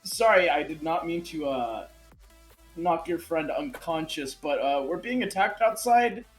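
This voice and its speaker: A man's voice: on the high side, expressive, unhurried, soft background music, pitched above the performer's own voice. A man voicing an adventurer who rambles through a nervous apology with many fillers. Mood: apologetic. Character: apologetic adventurer talking his way out.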